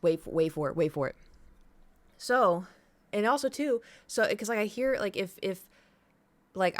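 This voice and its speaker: A woman talks to her live stream chat in a loose, rambling way, piling one aside onto the next. Her voice sits at an ordinary middle pitch. She sounds casual and animated. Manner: chatty, rambling, animated retelling.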